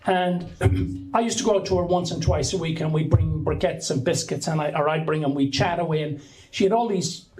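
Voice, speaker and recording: A man's voice: on the high side, brisk, a little mellow, soft background music, low-quality recording. A middle-aged Irish man telling a rambling, anecdotal story to an audience at a book launch, often restarting his sentences. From Ireland. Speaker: author giving a talk.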